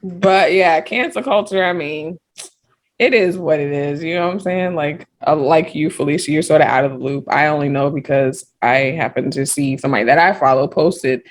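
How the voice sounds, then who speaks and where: A woman's voice: deep voice, moderate pace. A woman in her thirties co-hosting a podcast in casual chat, telling stories and acting out quoted voices. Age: 30s. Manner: lively storyteller who acts out quoted voices. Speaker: podcast co-host.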